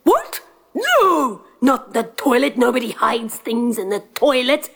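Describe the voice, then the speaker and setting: A woman's voice: a little high, moderate pace, gravelly. A woman voicing a blustering male giant magician who snaps back indignantly, in a storybook telling over guitar music. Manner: indignant, exclaiming, shouting back. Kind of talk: storybook voice acting.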